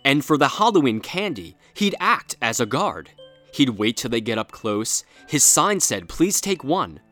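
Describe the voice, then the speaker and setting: A man narrating a rhyming Halloween story in a playful, expressive storybook style. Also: medium pitch, a little slow, faint music behind.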